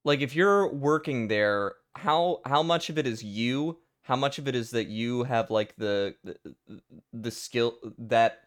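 A man's voice: medium pitch, unhurried. Rambling man in casual chat. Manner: rambling, lots of "like" fillers.

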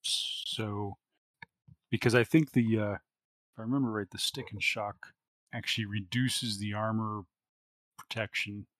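A man with a lowish, steady, fairly bright voice runs a tabletop role-playing game, speaking a little slowly and pausing often. He narrates action and rules as he goes, with many fillers and restarts, and there's no room sound.

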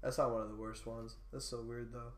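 A man's voice: mid-range voice, level tone, a little fast. An American man chatting casually as a podcast co-host, reacting with slang and swearing. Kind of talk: casual chat. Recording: echoey room with faint noise.

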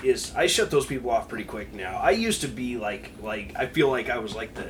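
A man's voice: medium pitch, expressive, fairly quick. Guy musing, sounds kinda far from the mic, faint hiss. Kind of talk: casual chat.

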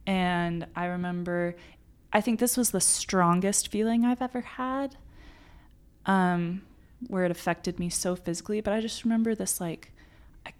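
A woman's voice: on the low side, normal speed, smooth. A young woman in her twenties, a podcast guest telling a personal story in an earnest, emotional way. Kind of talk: casual podcast conversation.

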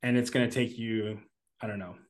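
A man's voice: fairly low pitch, fairly even intonation, a little fast. A man co-hosting a podcast, telling stories in casual chat, rambling with lots of fillers and restarts. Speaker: podcast co-host.

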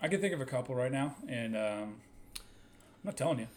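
Man, podcast co-host, casual banter, teasing, laughs a lot, lively pitch, faint background hiss. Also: normal speed. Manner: joking, teasing, laughs often.

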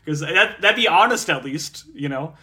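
Man from Wisconsin, podcast co-host, animated, blunt, laughs often, bright, fairly high voice. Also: normal speed. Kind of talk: casual sports chat.

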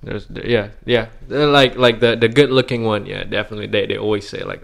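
Creaky-voiced easygoing man. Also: lowish voice, steady tone, fairly quick, few pauses. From Indonesia. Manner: easygoing, enthusiastic, says "bro" often. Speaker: podcast co-host. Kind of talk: casual chat.

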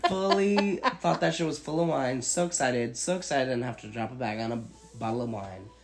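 A man's voice: mid-range voice, a little fast, background noise. A young man chatting casually as a podcast co-host, brash and playful, swearing freely. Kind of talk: casual chat.

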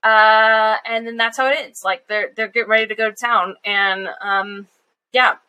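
A woman co-hosting a podcast, recapping an episode in a casual, chatty way with laughs and quick asides. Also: a little high, steady tone, bright, forceful tone, clean tone. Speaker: podcast co-host.

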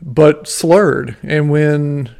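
Gravelly-voiced man joking around. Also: fairly high pitch, fairly even intonation, extremely slow, a little mellow. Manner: swearing, joking banter. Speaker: podcast co-host. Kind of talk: casual chat.

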